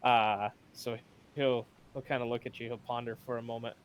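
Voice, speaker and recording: A man narrating as game master of a tabletop game, relaxed and easy to laugh. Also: medium pitch, moderate pace. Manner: relaxed, laughs easily, calls for dice checks.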